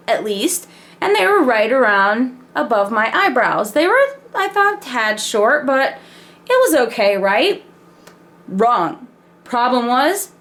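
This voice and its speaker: A woman telling a personal story in a casual, animated way, laughing and swearing freely. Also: sits high. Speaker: vlogger.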